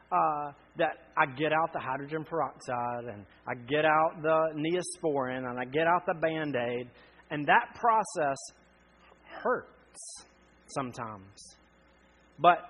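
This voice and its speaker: Guy preaching a sermon, kinda husky, higher voice, earnest w lots of pauses. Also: a bit bright, highs cut off. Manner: earnest, pausing often, building to emphatic appeals. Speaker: pastor.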